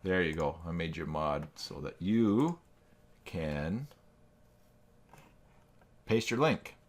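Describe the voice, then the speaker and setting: A man's voice: deep voice, big pitch swings, takes it slowly. A man hosting a live stream, chatting casually, thinking aloud and reacting to viewers' messages with self-deprecating asides. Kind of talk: casual live-stream chat while working.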